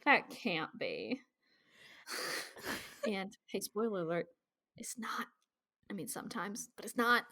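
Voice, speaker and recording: A woman's voice: mid-range voice, measured pace, long pauses, bright, forceful tone. A woman from Kansas co-hosting a podcast, recapping a show in casual chat with playful asides and frequent laughs. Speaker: podcast co-host recapping episodes.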